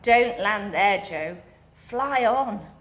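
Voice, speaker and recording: A woman voicing an excitable round-faced storybook man, reading him aloud. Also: mid-range voice, drawn-out words. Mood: fussing.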